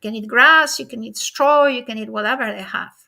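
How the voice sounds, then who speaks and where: A woman delivers a conference keynote in a high, bright, forceful voice. She talks straight to her audience. She keeps checking in with rhetorical questions as she explains. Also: fairly quick, gravelly. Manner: addresses the audience directly. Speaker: keynote speaker.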